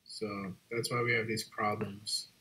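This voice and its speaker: A man's voice: fairly low pitch, flat delivery, a little slow, bright, forceful tone, poor audio. A man joining a casual online hangout as a guest, laid-back, filling his talk with likes and trailing off. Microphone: video call.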